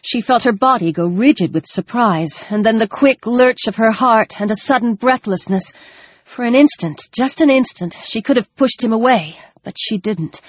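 A woman narrating an audiobook in a steady, measured storytelling manner. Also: a little high, no room sound. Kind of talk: scripted narration.

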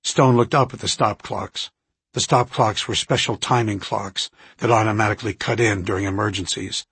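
Husky male audiobook narrator. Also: lowish voice, fairly even intonation, moderate pace, fairly bright tone, no echo. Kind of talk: scripted narration.

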